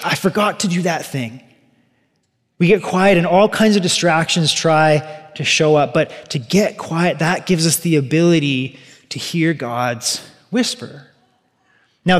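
Animated pastor preaching in a reverberant hall. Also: male voice, on the high side. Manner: animated, acts out quoted voices. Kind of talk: sermon. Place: church sanctuary.

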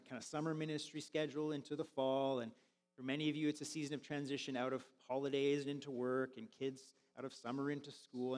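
A male pastor delivers a conversational sermon, dotted with fillers and restarts. His voice sits high for a man. The sound carries a long reverb from a large church hall. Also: darkish tone. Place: church sanctuary.

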